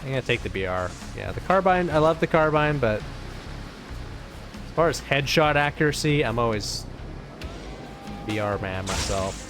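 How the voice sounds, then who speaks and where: A man commenting casually on his own gameplay, rambling along in a mid-range voice and swearing freely. He breaks into excitable outbursts as the game's music plays clearly behind him. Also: mid-range voice, a little slow, pauses often. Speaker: let's play host. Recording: game music in background.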